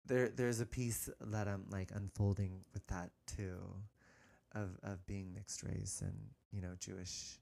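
A man speaking candidly as an interview guest, hesitant, with many restarts, and turning animated as he goes. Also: fairly low pitch, measured pace, vocal fry. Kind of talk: candid personal conversation.

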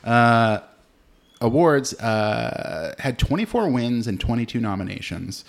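A man's voice: medium pitch, sing-song, takes it slowly, creaky. A man co-hosting a movie podcast, talking loosely with frequent fillers and swearing. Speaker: podcast co-host. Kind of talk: casual chat.

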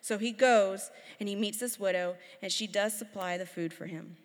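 A woman in her thirties preaching a sermon, telling lively stories and acting out her children's voices. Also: medium pitch, normal speed. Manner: lively storytelling, acts out her kids' voices. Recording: long hall reverb.

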